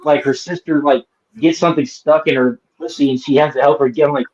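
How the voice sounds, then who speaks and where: A man's voice: a little high, fairly even intonation, quick pace, darkish tone. Profane ranting man, dull lo-fi sound. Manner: profane, ranting, mocks people in put-on voices. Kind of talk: casual live-stream chat.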